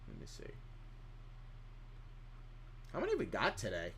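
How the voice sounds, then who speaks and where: Lively, bright-voiced male streamer. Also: fairly low pitch, very fast, slight background noise. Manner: rambling, reads chat questions aloud and answers them. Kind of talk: casual live-stream chat.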